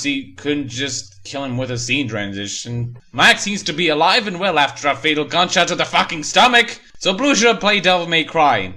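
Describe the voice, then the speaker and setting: A man's voice: fairly high pitch, bright, forceful tone. A man reading and mocking a horror story in a sarcastic, profane comedic rant. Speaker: creepypasta reviewer. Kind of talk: comedic creepypasta reading and review.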